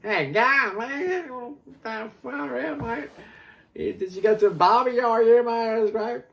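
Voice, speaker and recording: A man's voice: extremely high pitch, measured pace, gravelly, fairly bright tone, pitched above the performer's own voice, heavily acted. A man voicing a stereotyped laid-back Australian bloke in an exaggerated, sing-song Australian accent. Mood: jovial.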